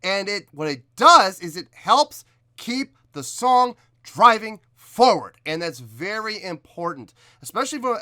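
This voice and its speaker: A man's voice: sits high, pushed and bright, no room sound, clean studio sound. A man hosting a music reaction video, explaining vocal technique in analytical commentary and sometimes scatting rhythms to show his point.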